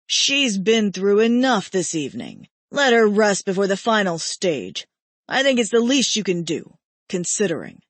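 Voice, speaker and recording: A woman voicing a steady, protective male immortal who speaks slowly and firmly. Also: mid-range voice, no room sound. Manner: slow, firm and measured.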